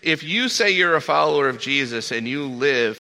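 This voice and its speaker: Gravelly, bright-voiced male pastor preaching. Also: normal speed. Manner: animated, rising pitch on emphasis, repeats words. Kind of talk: sermon with storytelling.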